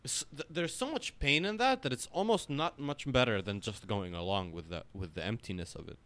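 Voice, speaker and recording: In a casual podcast chat, the co-host rambles with lots of fillers and constant swearing, staying animated throughout. His mid-range voice is fairly quick, clear and resonant.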